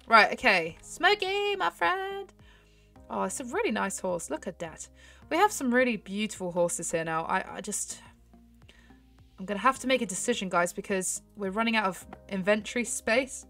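A young woman chatting excitedly to her viewers while she plays a horse game, giggling often. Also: mid-range voice, a little fast, soft background music. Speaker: gaming YouTuber. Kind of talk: casual gameplay commentary.

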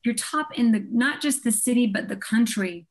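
A woman's voice: on the high side, moderate pace. A woman hosting a podcast interview, emphatic and blunt as she sums up her guest's points. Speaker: podcast host.

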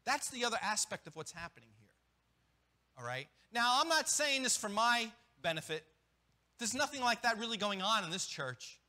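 A man preaching a sermon as pastor, animated, with quick restarts and acted-out asides. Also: high-pitched. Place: church.

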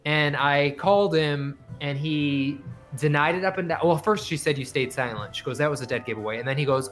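A man's voice: mid-range voice, fast, soft background music. A man casually telling a story, acting out the voices of the people in it and swearing freely. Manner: animated, acts out quoted voices, swears freely. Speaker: podcast guest.

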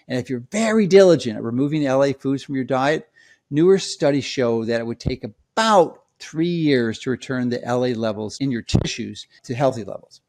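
A man's voice: medium pitch, a little mellow. A man speaking straight to his audience in an emphatic, lecturing way, repeating his key points. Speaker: health commentator. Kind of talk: direct-to-camera explainer.

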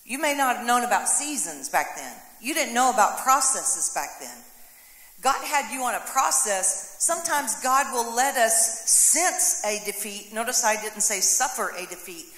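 A woman's voice: fairly high pitch, very animated, moderate pace, a bit bright. A woman pastor preaching a sermon, voicing prayers and quotes dramatically. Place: church sanctuary. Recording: echoey hall with long reverb.

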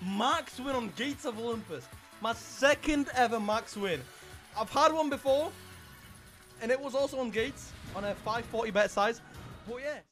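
A man's voice: extremely high pitch, normal speed, fairly bright tone, faint music behind. A young man streaming slot games on a headset mic, who begs the game and screams in disbelief at his wins. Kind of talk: live gambling stream reaction.

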